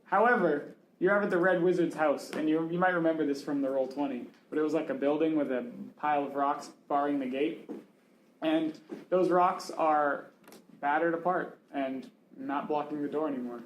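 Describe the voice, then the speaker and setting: A man narrating a tabletop game as game master, animated and laughing. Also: a little high, normal speed. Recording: echoey room with noise.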